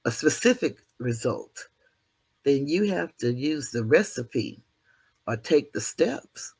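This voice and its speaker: A man's voice: medium pitch, darkish tone, husky. Male vlog host, motivational monologue; preachy, down-to-earth, self-mocking. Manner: preachy, earthy, self-deprecating, mild cursing. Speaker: channel host.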